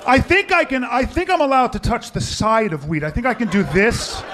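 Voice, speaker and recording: A man's voice: very high-pitched, sing-song, normal speed, a bit bright. A man doing a rambling, conversational stand-up set in a live club. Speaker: stand-up comedian. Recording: live club with crowd noise.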